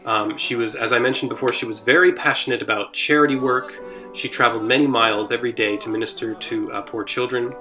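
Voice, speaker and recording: A man who leads a church's music ministry, explaining hymn history in a casual, halting way full of "uh" and restarts. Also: mid-range voice, steady tone, sharp tone. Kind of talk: informal hymn history talk.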